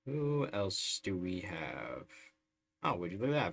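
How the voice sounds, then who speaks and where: A man's voice: low-pitched, very animated, unhurried, creaky, fairly bright tone, slight background noise. A man streaming a strategy game live, chatting through it in a wry, sarcastic way. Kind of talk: live gameplay commentary.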